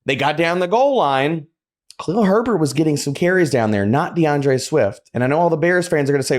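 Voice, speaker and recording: A man talking as a podcast panelist, making forceful points and acting out other people's reactions. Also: on the high side, expressive, fairly quick. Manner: emphatic, argumentative, acts out quotes. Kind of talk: casual podcast chat.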